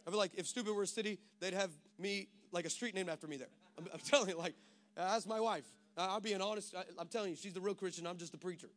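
A pastor from Texas preaching a sermon, switching between self-mocking stories and a rising, emphatic preaching cadence. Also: high voice.

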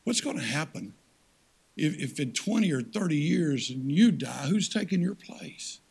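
An older man preaching a folksy sermon as guest speaker, swinging from loud, high-pitched exhortation to hushed, low appeals. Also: lively intonation, moderate pace, vocal fry, breathy edge.

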